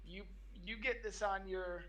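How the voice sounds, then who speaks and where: A man's voice: high-pitched, steady tone, unhurried, a bit bright, low-quality recording. A man hosting a casual podcast and running party games, upbeat and loose. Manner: upbeat, dude-heavy, loose. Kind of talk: casual chat.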